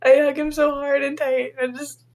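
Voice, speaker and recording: A woman's voice: high voice, flat delivery, moderate pace, darkish tone. A woman playing in a tabletop role-playing game, chatty and laughing often between lines. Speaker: player. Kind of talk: casual tabletop play.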